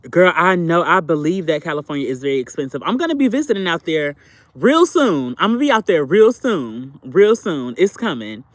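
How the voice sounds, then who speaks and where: High-pitched guy streaming live, aave, repeats himself a lot, talks to chat like sister, baby, super dry sound. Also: big pitch swings, moderate pace, dry recording. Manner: talkative, repeats phrases, addresses viewers as sister and baby. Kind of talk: casual livestream chat with viewers.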